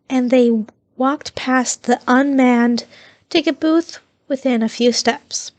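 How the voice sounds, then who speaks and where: Give me a woman reading a story aloud, unhurried, with a dry close sound. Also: sits high, no echo. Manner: steady reading with small slips and self-corrections. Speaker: fan fiction reader. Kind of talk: reading fan fiction aloud.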